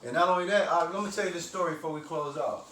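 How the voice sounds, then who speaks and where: A man's voice: fairly high pitch, racing, fairly bright tone, slight background noise. Male co-host, loose slangy storyteller, set back from the mic. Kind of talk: casual chat. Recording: echoey room, mic far off.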